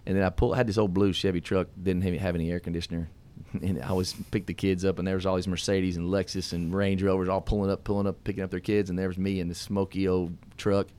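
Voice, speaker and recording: A man's voice: sits low, level tone, fast, hardly any pauses, mellow. A middle-aged man hosting a radio talk show, telling personal stories in a folksy way with laughs. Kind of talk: casual storytelling talk. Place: radio studio.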